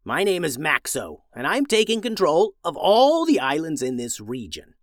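A haughty evil wizard king, as a male storyteller puts him on, declaring his demands in slow, raised, booming tones. The delivery is lively and full of swings in pitch. The recording is dry and close. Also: no room sound. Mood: proclaiming. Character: evil self-crowned wizard king, arrogant and threatening.

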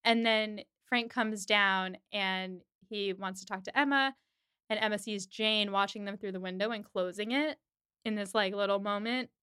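A woman's voice: medium pitch, fairly even intonation, moderate pace, pushed and bright, smooth, no room sound, studio quality. A woman hosting a podcast, chattily recapping a TV episode and leaning on "like" as she talks. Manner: chatty retelling, heavy use of "like".

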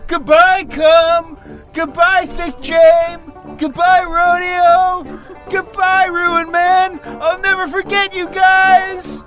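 A man voicing an excitable male adventurer who yells his farewells in a high, loud voice, with clear music behind. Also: drawn-out words, full character voice. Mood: overjoyed.

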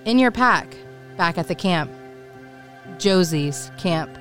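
A woman's voice: fairly low pitch, animated, slow pace, faint music behind. A woman voicing a determined young survivor in an audio drama, cool and pointed as she questions a stranger. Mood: cool, defiant. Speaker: narrator and lead of an audio drama. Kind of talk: first-person audio drama narration and acting.

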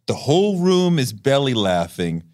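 A man's voice: medium pitch, sing-song, normal speed. Eager laughing interview host man. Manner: eager, laughs easily, thinks out loud. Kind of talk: interview chat.

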